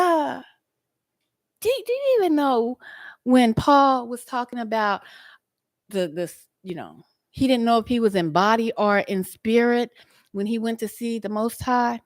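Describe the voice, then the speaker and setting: A woman's voice: a little high, a little slow, no echo. A woman hosting an outdoor livestream, chatting and preaching straight to her viewers. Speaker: livestream host. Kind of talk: casual livestream chat and teaching.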